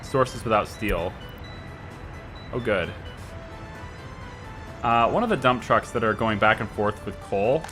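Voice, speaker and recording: A man's voice: lowish voice, lively intonation, takes it slowly, pauses often, over music. A man with a Scottish accent giving live gameplay commentary, musing aloud and chatting to viewers and to the little workers in his game. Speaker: streamer.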